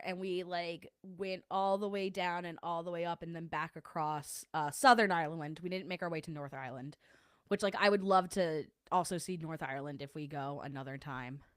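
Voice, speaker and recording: A woman in her thirties talks casually to her listeners on a lunch break. Her voice sits a bit low, and she rambles with fillers and easy laughs. The sound is dry and close, with no room around it. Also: fairly bright tone, clear, resonant tone, no room sound. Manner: chatty, laughing, rambling with many likes. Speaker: podcast host.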